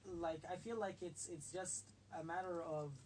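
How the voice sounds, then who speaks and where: A man's voice: fairly high pitch, fairly even intonation, unhurried, darkish tone, slight background noise, poor audio. A man speaking on a radio talk show panel, explaining carefully and measuredly with some hesitant fillers. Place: radio studio.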